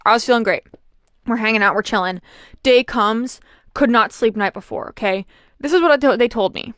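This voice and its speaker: A young woman chatting casually as she tells a personal story, with lots of fillers and an animated delivery. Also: fairly high pitch, clear, resonant tone, no echo, clean studio sound. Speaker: vlogger.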